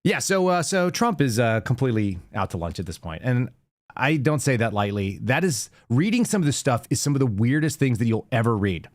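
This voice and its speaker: A man hosts a live commentary show and picks apart the news with sarcastic, mocking remarks. His voice sits at a middle pitch for a man. The recording is dry, with no room echo. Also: very animated, fairly quick. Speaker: show host.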